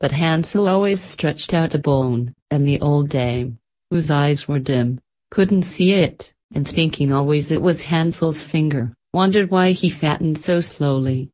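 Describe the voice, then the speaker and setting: A woman narrating a fairy tale in a measured, steady storytelling manner. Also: sits low.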